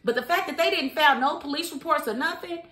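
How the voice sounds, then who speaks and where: A woman's voice: high voice, fast, fairly bright tone. An American woman giving outspoken, opinionated news commentary, full of rhetorical questions. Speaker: vlogger and commentator. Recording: roomy echo.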